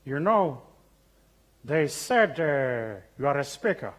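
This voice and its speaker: A South African man quoting a wise, gentle elderly statesman in a slow, deliberate, fatherly way during a keynote speech. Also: fairly high pitch, big pitch swings, full character voice.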